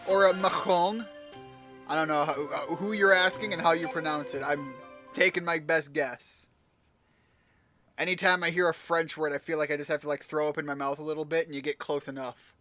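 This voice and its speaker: A man's voice: fairly high pitch, fairly even intonation, a little fast, sharp tone, dry recording. A man giving casual, rambling let's-play commentary while he plays a video game, joking and swearing now and then. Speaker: gamer playing a video game. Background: game music.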